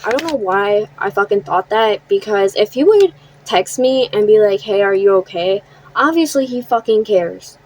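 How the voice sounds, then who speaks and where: A woman's voice: mid-range voice, lively intonation, darkish tone, slightly rough, rough recording. A young woman telling a personal storytime in a casual, blunt way, swearing freely and acting out what others said. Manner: blunt and profane, quotes others in quick asides. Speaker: storytime vlogger.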